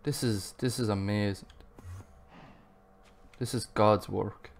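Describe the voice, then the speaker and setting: A man's voice: fairly low pitch, steady tone, takes it slowly, vocal fry. A man giving let's play commentary, swearing constantly and venting frustrated outbursts at the game. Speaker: gamer.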